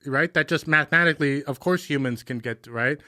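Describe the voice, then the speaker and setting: A man's voice: a little high, a little fast, pushed and bright, dry recording, clean studio sound. A man co-hosting a podcast in casual chat, swearing freely and acting out quotes. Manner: swears freely, acts out quotes, laughs often. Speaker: podcast co-host.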